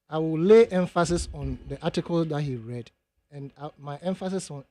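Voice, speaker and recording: Brief: Ghanaian male radio guest, high and emphatic, dry close studio sound. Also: brisk, dry recording. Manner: emphatic, mixes English and Twi, rises to high animated outbursts. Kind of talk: heated radio debate.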